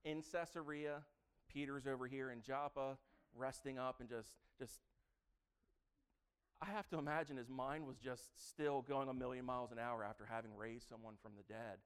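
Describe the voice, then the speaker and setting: A man preaching a lively, interactive sermon in a smooth, clear voice of middle pitch. He jokes casually with his listeners and keeps quizzing them as he goes. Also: normal speed. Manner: chatty and joking, quizzes the audience. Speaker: preacher teaching a Bible lesson.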